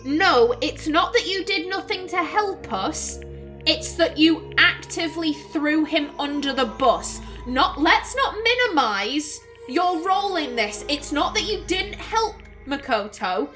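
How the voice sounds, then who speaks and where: A high-voiced woman comments on a game she is playing, exasperated and expressive, swearing freely. She talks at an unhurried pace, leaning on her words. Faint game music runs underneath. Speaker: let's play host.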